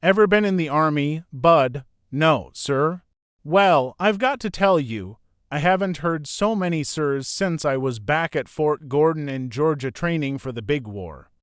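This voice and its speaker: A man's voice: a little high, animated, measured pace, clear, resonant tone, no room sound, studio quality. A man voicing a kindly older man, a joking grandfather who teases easily. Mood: teasing. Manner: joking, easygoing teasing. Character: teasing older man, kind grandfather driver.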